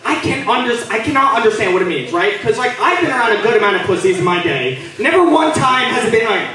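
A young man with a high, lively voice teases the crowd in brash stand-up crowd work. He is heard from a distance in a very echoey club, with loud noise behind him, and keeps breaking into laughter. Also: fast talker. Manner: brash, teasing, laughing between lines. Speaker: stand-up comedian. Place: comedy club stage, live audience.

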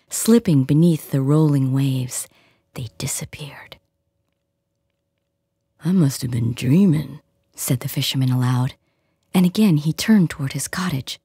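Hushed, breathy woman storyteller. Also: low voice, no room sound, clean studio sound. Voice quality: soft, breathy, near-whispered delivery. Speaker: audiobook reader. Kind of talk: storybook narration.

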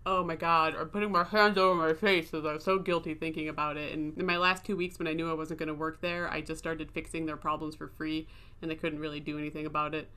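This video creator, a woman in her thirties, speaks fast in a low, bright, forceful voice with little pitch movement. Her vlog voice-over is a chatty, meandering story where she pokes fun at herself and laughs mid-sentence.

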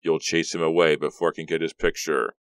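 A man with a deep voice, reading an audiobook, voicing a daring, confident teenage boy. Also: brisk, clean tone, no echo. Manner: calm, defensive.

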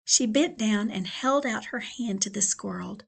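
A woman librarian reading a children's book aloud with expressive, unhurried storytelling. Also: medium pitch, vocal fry, slightly rough. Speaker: school librarian.

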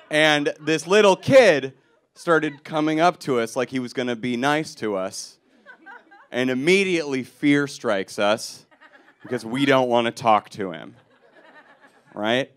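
A young man from Milwaukee doing a stand-up comedy set on a club stage, deadpan and self-mocking, punching up the jokes. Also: medium pitch, slow, long pauses, some chatter behind.

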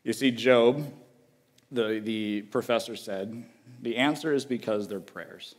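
A man giving a sermon as a guest preacher, talking in an earnest, conversational way with emphatic repetition and dropping to a quiet, low voice on key phrases. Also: takes it slowly, faint music behind.

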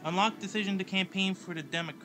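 A man's voice: high-pitched, steady tone, fast, music in the background. A man casually commenting as he plays a strategy game, thinking aloud about his next moves. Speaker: gameplay commentator and story narrator.

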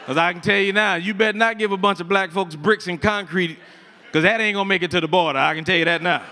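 A man doing a stand-up comedy set on stage, telling stories with animated delivery and acting out the voices of people in them. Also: sits high, fast talker, in a large hall, faint music behind. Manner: animated storytelling, acts out voices. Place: comedy stage before a live audience.

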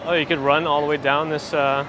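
A man's voice: a little high, flat delivery, brisk. Man, casual walking livestream, perky and chatty, outdoors, traffic noise behind. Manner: chatty, reads viewer comments aloud. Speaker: livestream host. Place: city streets outdoors. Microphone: handheld phone gimbal mic. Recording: noisy outdoor street audio. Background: street traffic.

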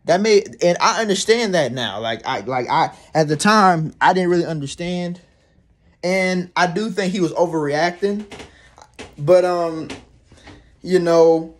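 A man's voice: sits high, unhurried. Exasperated, profane young man ranting. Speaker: vlogger. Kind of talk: casual ranting monologue.

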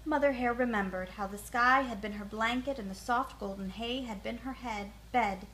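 Woman storyteller, bedtime read-aloud, gentle, soothing, fairly high voice. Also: normal speed, a little hiss or hum, rough recording. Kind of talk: children's picture book read-aloud.

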